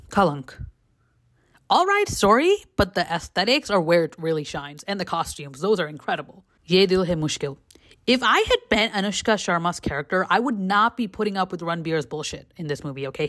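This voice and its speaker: Brief: young female vlogger, animated and candid, big pitch swings, casual movie chat. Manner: animated, profane, gushing. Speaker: film reviewer vlogger. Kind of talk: casual film review vlog.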